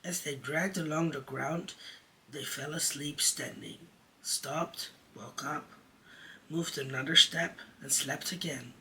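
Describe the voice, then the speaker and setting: Slow, bright-voiced storybook reader. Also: male voice, fairly high pitch, steady tone, distant mic, a little hiss or hum, low-quality recording. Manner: slow, deliberate reading. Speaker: drag queen storyteller. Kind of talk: storybook read-aloud.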